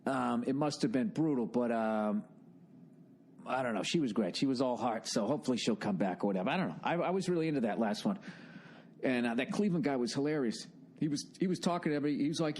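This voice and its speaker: A man's voice: medium pitch, fast. A man in his forties with an American accent, hosting a podcast with a rambling, profane comedic monologue. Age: 40s. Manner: profane, animated storytelling with frequent restarts. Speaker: podcast host.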